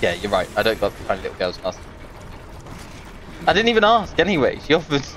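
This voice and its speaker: A man playing a co-op game and chatting casually, quick to laugh and protest. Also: mid-range voice, wildly swooping pitch, fairly bright tone, a little hiss or hum. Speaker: co-op game player. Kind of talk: casual gaming chat. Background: game music and sounds.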